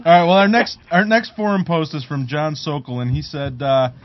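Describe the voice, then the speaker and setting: A man with a slightly high voice hosts a podcast in a lively, chatty way and laughs easily. The recording sounds a little dull and lo-fi. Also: moderate pace, slight background noise. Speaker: podcast host. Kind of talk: casual podcast chat.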